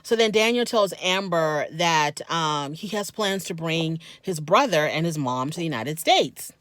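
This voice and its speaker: A woman's voice: low voice, expressive, measured pace, fairly bright tone, no echo. Chatty, opinionated woman recapping reality TV. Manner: chatty, opinionated, talks straight to viewers. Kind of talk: casual commentary.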